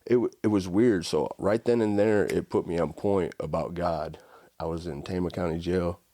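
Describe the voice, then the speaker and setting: Deep-voiced man telling his story casually. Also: moderate pace, dry recording. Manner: casual, animated storytelling with frequent "right?" and "like". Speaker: podcast guest. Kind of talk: conversational storytelling.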